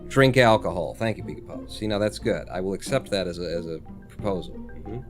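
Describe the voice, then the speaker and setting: A man's voice: low voice, expressive, brisk, music in the background. A man live-streaming a space game, thinking aloud, reading chat and swearing casually.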